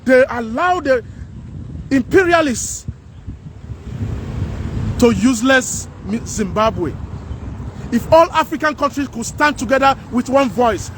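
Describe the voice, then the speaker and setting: A man's voice: very high-pitched, a bit bright, slight background noise. A man delivering a fervent, repetitive to-camera rant outdoors by houses on a street. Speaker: vlogger.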